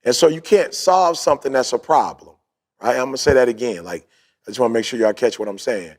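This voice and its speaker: A man in casual podcast chat, telling a story in a slangy, animated way and acting out what people said. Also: mid-range voice, fast talker. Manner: animated, slangy, acts out his own quotes.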